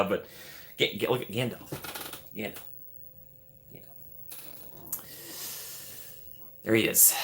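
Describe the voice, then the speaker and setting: Male streamer, casual chat host. Bright tone, very animated pitch, playful and upbeat with viewers. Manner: upbeat and playful, greeting chatters by name with big swings in pitch. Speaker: livestream host.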